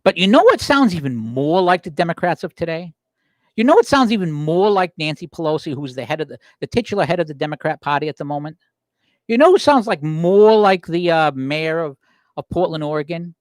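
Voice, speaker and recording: Argumentative male podcast host, lively pitch. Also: brisk, no echo. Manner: argumentative, rhetorical questions, frequent self-corrections. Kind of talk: opinion commentary podcast, reading quotes aloud.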